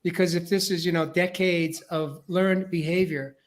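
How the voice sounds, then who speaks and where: High-voiced host from New York. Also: male voice, steady tone, moderate pace. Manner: rambling, repeats words while building points. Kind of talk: casual podcast discussion.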